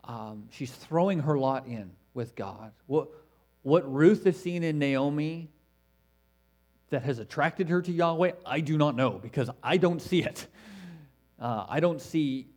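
Emphatic male preacher, hushed to forceful. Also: on the high side, unhurried. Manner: emphatic, swings between loud stresses and hushed asides; conversational, with fillers and self-corrections. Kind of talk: expository sermon.

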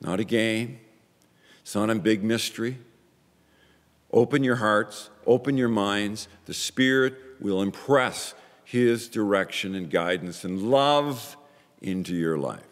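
Preaching as a pastor in a large hall, a man speaks emphatically, repeating phrases in pairs and swinging between loud and quiet. His voice is lowish and his pace slow.

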